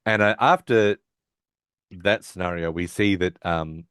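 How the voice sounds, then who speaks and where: A man's voice: low-pitched, a little slow, fairly bright tone, smooth, no room sound, clean studio sound. A man co-hosting a podcast, casually retelling scenes and acting out lines, with fillers. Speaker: podcast co-host. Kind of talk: casual recap chat.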